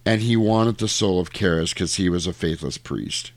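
A man's voice: low-pitched, no echo. A man in casual podcast chat, retelling a horror movie scene by scene and acting out the characters' lines. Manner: animated storyteller acting out lines in quick voices.

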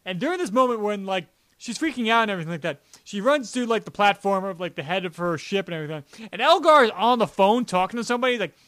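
A man co-hosting a podcast in casual, rambling chat, sarcastic and quick to laugh. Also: high-pitched, expressive, fairly bright tone, no room sound. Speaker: podcast co-host.

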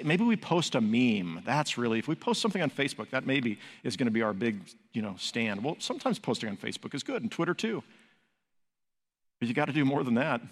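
Man, pastor, sermon, emphatic rising delivery, mid pitch, long hall reverb. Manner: emphatic, building to raised peaks with rhetorical questions.

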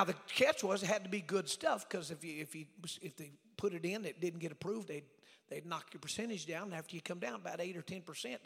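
A middle-aged man preaching a storytelling sermon in a folksy way, swinging from loud preaching to hushed asides. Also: high voice, gravelly, slightly rough. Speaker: evangelist preacher. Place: church sanctuary. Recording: reverberant church hall.

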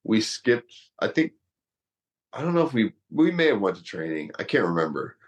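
Low-voiced man telling a rambling story. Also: big pitch swings, moderate pace, lo-fi sound. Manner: rambling, lots of fillers, laughs through story. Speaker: guest, former wrestler and fighter. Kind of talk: casual storytelling.

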